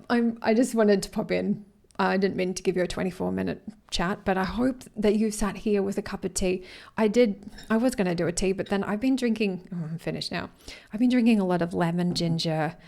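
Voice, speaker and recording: A woman talking casually to her followers in a rambling, earnest way, sometimes dropping to a soft whisper. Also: on the low side, creaky. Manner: rambling and warm-hearted, often losing her thread. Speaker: vlogger speaking to her followers. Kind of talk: casual chat to camera.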